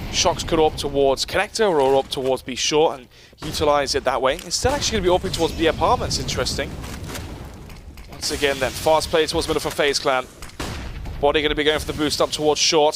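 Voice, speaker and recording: A man casting an esports match as play-by-play commentator, quick and joking. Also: a little high, noisy background. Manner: quick, joking, laughs often. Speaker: esports caster.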